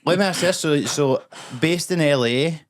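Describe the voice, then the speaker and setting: A man's voice: fairly high pitch, normal speed, no room sound. A Scottish man co-hosting a podcast, chatty and bantering, often speaking through his nose. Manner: bantering, elastic accent, sometimes nasal. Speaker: podcast co-host. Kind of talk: casual podcast chat.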